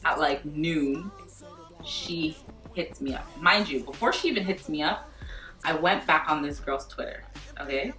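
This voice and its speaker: A young woman tells a storytime vlog in an animated, profane way and acts out the lines people said. Her voice sits a little low and sounds far from the mic. The room is echoey, with faint music underneath. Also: a little slow. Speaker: vlogger.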